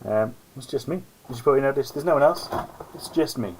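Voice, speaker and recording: A man hosts a solo live-stream, chatting casually in a rambling, self-mocking commentary. He talks fast in a mid-range, slightly mellow voice, and the rough recording has a little hiss or hum.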